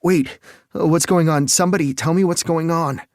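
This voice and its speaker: A man's voice: a little high, normal speed, a little mellow, dry recording, studio quality, lightly acted. A man voicing frantic young father Sebastian. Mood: panicked. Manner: panicked, raised voice. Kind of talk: audiobook character dialogue.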